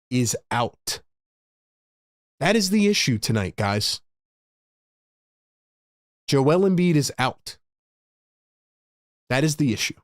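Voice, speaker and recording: This live-stream sports commentator has a mid-range male voice in a dry, studio-quality recording. He narrates basketball play-by-play, frustrated and exasperated with his team, and talks to his chat as he goes.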